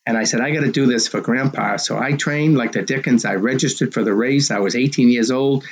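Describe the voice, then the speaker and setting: A man in his sixties, a race director telling his story in an interview in an animated way and acting out the dialogue. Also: mid-range voice, a little fast, poor audio.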